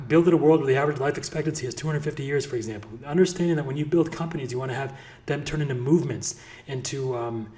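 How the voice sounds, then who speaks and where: A man's voice: medium pitch, a little mellow. A man coaching on business in a casual motivational talk, effusive and blunt, and he swears freely. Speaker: real estate business coach.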